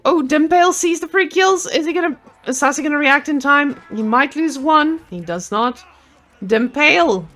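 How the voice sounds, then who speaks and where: A woman casting a live strategy game match with a playful, excitable, jokey manner, speaking into a handheld microphone. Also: sits high. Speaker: esports caster.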